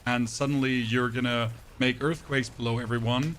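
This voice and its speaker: Monotone man streaming a game. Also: mid-range voice, moderate pace, slight background noise. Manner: monotone, dry delivery. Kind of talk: casual live-stream chat while gaming.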